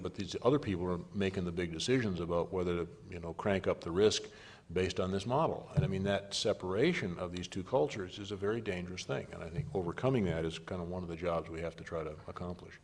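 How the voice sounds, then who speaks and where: A middle-aged man answering as a panelist on risk management, measured and given to repeating words while he gathers his thoughts. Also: low-pitched, darkish tone.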